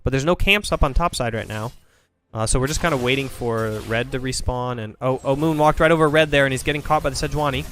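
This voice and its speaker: A man's voice: mid-range voice, a bit bright, a little hiss or hum. Man breaking down esports plays. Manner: fast analytical breakdowns, thinks aloud. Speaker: esports caster. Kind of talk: play-by-play and analysis commentary.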